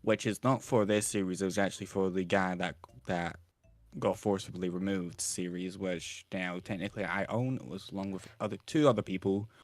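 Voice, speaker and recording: A man with a British accent and a low, grounded voice talks in a loose, rambling way, often laughing at himself. The sound is close and dry, with no room around it. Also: fairly even intonation, fairly quick, no echo. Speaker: voice actor in a fan series. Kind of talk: casual chat while streaming.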